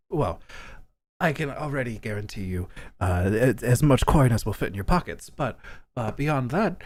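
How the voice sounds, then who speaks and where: A man plays a vain, scheming coin lord who is pleased with himself and coaxes others into agreeing with him. His pitch sits in an ordinary middle register but swings widely, rising and falling as he flatters and persuades. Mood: bargaining. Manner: smug, self-satisfied, wheedling.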